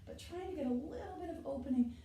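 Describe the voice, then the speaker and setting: Speaking fast in a high-pitched, warm voice, a yoga instructor guides her class, demonstrating the poses and often checking in with "right?". She sounds slightly breathless from moving. The rough recording has a roomy sound and slight background noise.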